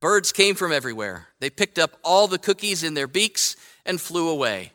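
Male pastor, high and very bright voice, casual sermon delivery, church hall reverb. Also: expressive, moderate pace, few pauses. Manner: conversational, self-correcting, asks "right?" often. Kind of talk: sermon with a read-aloud children's story. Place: church sanctuary.

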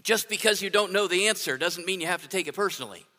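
A man's voice: sits high, lively intonation, fast, sharp tone. A man voicing a male elephant who delivers a dry, sarcastic punchline. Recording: long hall reverb.

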